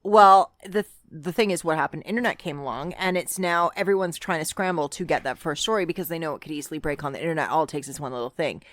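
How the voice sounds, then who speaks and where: Earnest low-pitched woman on a podcast. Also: fast talker, hardly any pauses, fairly bright tone, no room sound. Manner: earnest, repeats words when starting. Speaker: podcast co-host. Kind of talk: casual true-crime podcast discussion.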